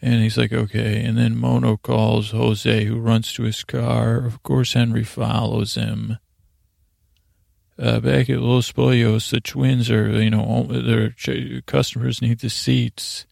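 A man hosting a sleep podcast, recapping a show in a meandering, halting way with deadpan asides. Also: mid-range voice, creaky, dry recording, studio quality. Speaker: podcast host.

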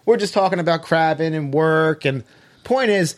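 A man telling a long story in casual chat, animated, swearing and acting out quoted dialogue. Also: fairly high pitch, normal speed.

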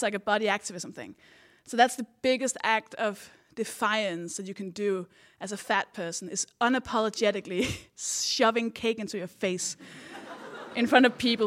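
A woman's voice: mid-range voice, a bit bright. A woman co-hosting a comedy podcast, telling a stand-up story in a blunt, self-mocking way.

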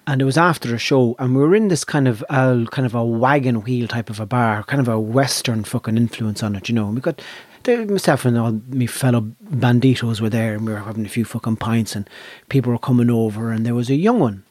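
Husky Irish man telling stories. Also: mid-range voice, brisk, hardly any pauses, a little mellow, no echo. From Ireland. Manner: swears freely, vivid anecdotal storytelling. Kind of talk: casual storytelling chat.

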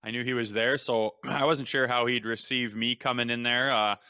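Laid-back former hockey player, bright crisp voice. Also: male voice, medium pitch, steady tone, normal speed, no room sound, studio quality. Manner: laid-back, storytelling, frequent "man" and "hey". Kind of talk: casual sports chat.

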